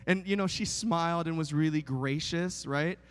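High-voiced joking preacher in a hall. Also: male voice, moderate pace, smooth. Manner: chatty, self-mocking, many fillers. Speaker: guest preacher. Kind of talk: joking storytelling sermon. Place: large church sanctuary. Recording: long hall reverb in a big church.

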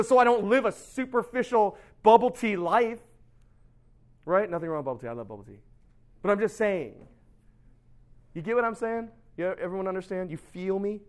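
A middle-aged male pastor giving a casual, chatty sermon that is peppered with "right?" and acted-out quotes. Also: sits high. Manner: chatty and animated, keeps asking "right?".

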